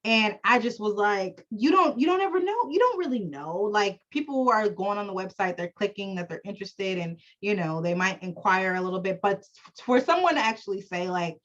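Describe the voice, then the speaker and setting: A woman coach reading affirmations on a video call, cheering them on with animated, emphatic energy. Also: mid-range voice, normal speed, lo-fi sound. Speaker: branding coach.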